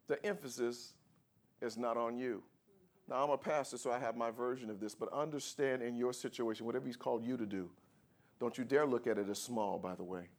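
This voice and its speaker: A man pastor preaching a sermon, swinging between quiet, low passages and loud, high, shouted peaks.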